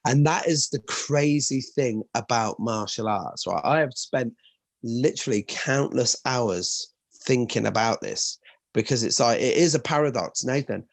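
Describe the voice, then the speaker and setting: Husky, animated Irish man. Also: mid-range voice, unhurried, no echo. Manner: animated storyteller, swears freely. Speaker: martial arts instructor and co-host. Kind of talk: casual podcast chat.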